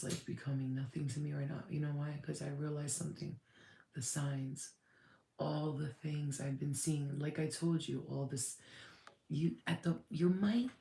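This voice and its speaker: A woman's voice: sits low, vocal fry, dark tone, echoey room, a little hiss or hum. A woman giving a casual channeled spirit reading, rambling and blunt, swearing freely.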